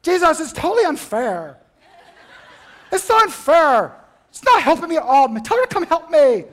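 A man voicing an exasperated, overworked woman who whines and complains loudly. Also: very high-pitched, very animated, moderate pace, pitched above the performer's own voice. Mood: indignant. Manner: whiny, loud complaining.

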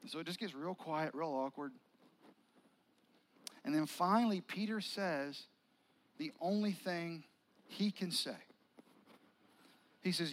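A male pastor preaches by retelling a story in a casual, vivid way. His voice sits high for a man. He keeps it conversational rather than formal. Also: unhurried, pauses often, fairly bright tone, poor audio. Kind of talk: sermon.

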